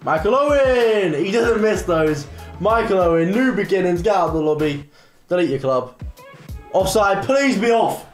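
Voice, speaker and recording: A young man giving excitable live gameplay commentary, bursting into shouts and repeated cheers. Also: high-pitched, moderate pace. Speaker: gaming creator. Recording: roomy echo with faint music.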